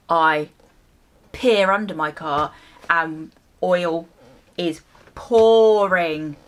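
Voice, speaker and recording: A young woman chats through a story as she gets ready, in an easy, unhurried way. Her voice sits a touch low for a woman, and she throws herself into the retelling with exasperated asides and little bursts of swearing. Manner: animated storytelling with mild swearing and acted-out reactions. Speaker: beauty vlogger. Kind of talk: casual storytime while doing hair.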